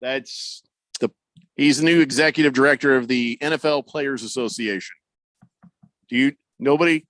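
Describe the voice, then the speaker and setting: A man's voice: medium pitch, normal speed, pauses often, a bit bright, no echo. A man hosting a sports radio show, bantering in a joking, mock-serious way. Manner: joking, mock-serious, puts on silly accents. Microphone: studio microphone.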